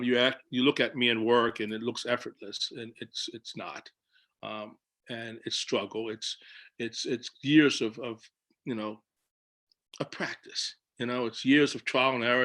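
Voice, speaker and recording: A man, a children's book illustrator, telling stories on a video call and acting out his own lines. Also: medium pitch. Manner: animated storytelling, acts out his own quoted lines. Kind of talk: casual talk on a video call panel.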